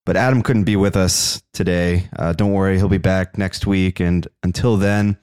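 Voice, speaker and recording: A male podcast host reading through the news alone in a mildly monotone, self-aware way, at a close mic. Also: deep voice, normal speed, smooth, no room sound. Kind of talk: solo news rundown podcast.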